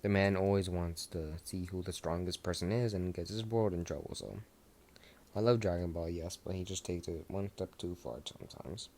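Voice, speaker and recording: A man's voice: sits low, steady tone, normal speed, darkish tone. A young man casually improvising a fan story, rambling with many restarts and asides.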